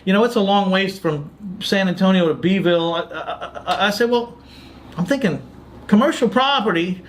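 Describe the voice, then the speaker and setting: A man's voice: high voice, moderate pace. A man hosting a podcast, telling a story in a casual chat and acting out the lines of other people. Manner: animated storyteller, quotes others' dialogue. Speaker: podcast host.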